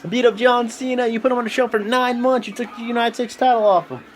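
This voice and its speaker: A man's voice: very high voice, fairly even intonation, fast talker, a little hiss or hum, voice pushed up. A man impersonating a cocky adult male wrestler in a mocking, taunting impression. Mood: smug. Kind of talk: mock impression in a video review.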